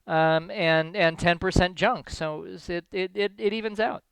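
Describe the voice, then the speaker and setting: A man's voice: high-pitched, steady tone, measured pace, gravelly, a bit bright, clear, resonant tone, no echo. A man acting as game master, chatting casually and narrating a tabletop game in a rambling, self-deprecating way.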